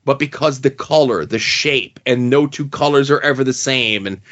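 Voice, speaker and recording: A man's voice: medium pitch, moderate pace, fairly bright tone. A man co-hosting a casual comic book podcast, making thoughtful points at length. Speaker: podcast co-host. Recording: dull lo-fi podcast audio.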